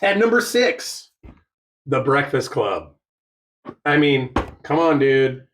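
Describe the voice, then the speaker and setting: A man's voice: medium pitch, sing-song, slow, a bit bright, a little hiss or hum. A man in his forties co-hosting a podcast, chatting in a crude, rambling, joking way. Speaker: podcast co-host. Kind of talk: casual podcast chat.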